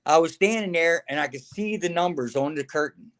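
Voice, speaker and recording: A middle-aged former wrestler tells career stories in a casual interview, his voice a little high and fairly quick. He's an animated storyteller who acts out other people's quotes and keeps calling the listener man or brother.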